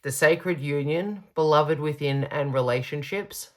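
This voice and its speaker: A woman's voice: low-pitched, unhurried. A woman giving a pick-a-card tarot reading, gushing and reassuring, stretching out her emphatic words.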